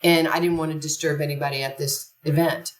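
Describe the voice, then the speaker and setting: An older woman, a podcast guest, telling long stories in an animated, long-winded way. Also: deep voice, a little fast. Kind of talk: conversational storytelling. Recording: echoey room, distant from the mic.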